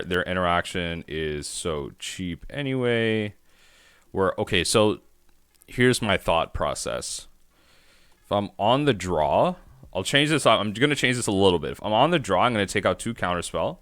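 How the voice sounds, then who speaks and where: Lively low-voiced man thinking aloud. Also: dry recording, clean studio sound. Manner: thinks aloud, rambling self-talk with restarts. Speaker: streamer playing a card game. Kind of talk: live-stream gameplay commentary.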